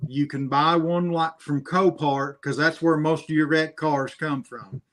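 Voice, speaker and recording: Folksy middle-aged man, slightly high voice. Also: fairly even intonation, measured pace, fairly bright tone. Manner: folksy storyteller, plain country talk. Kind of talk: casual chat.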